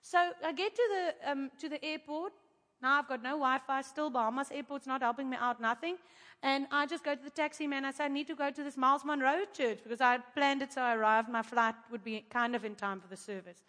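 A woman preacher telling a testimony to her audience in an animated, chatty way, with asides to the crowd. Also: high-pitched, fairly quick. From South Africa. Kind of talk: testimony in a sermon. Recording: long hall reverb.

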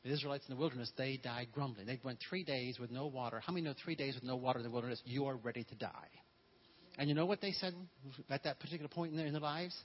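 A man's voice: medium pitch, fast, lo-fi sound. A man preaching a sermon with a humorous manner, calling on his congregation to repeat phrases after him. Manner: humorous, call-and-response with congregation. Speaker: pastor.

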